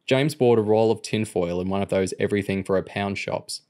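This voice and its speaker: Low-voiced man reading an audiobook. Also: a little fast, darkish tone. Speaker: audiobook reader. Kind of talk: audiobook narration.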